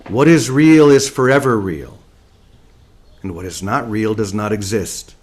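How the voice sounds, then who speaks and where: A man from Oregon giving a slow, deliberate spiritual talk to his community and repeating key phrases. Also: on the low side, a little mellow, slightly rough. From Portland, Oregon, USA. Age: young adult. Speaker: spiritual teacher. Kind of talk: spiritual talk to an online group.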